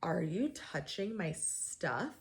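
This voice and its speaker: A snippy, scolding neighbor lady who is rude and quick to anger, as a woman imitates her in a story. Her voice drops a touch lower and slower than the teller's own. She scolds with clipped irritation. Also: sing-song, heavily acted. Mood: annoyed scolding. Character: rude, angry middle-aged woman neighbor.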